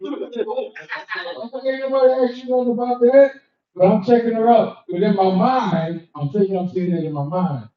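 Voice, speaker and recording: A man's voice: high-pitched, fairly even intonation, normal speed. An older man doing a brash, profane stand-up comedy set in a cigar lounge, acting out the people in his stories. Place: cigar lounge, live show. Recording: echoey, dull room sound from a distance.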